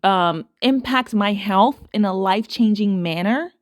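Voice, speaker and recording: A woman's voice: medium pitch, measured pace, no room sound, studio quality. A woman hosting casual commentary to her viewers, talking emphatically and repeating phrases for stress. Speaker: commentary host.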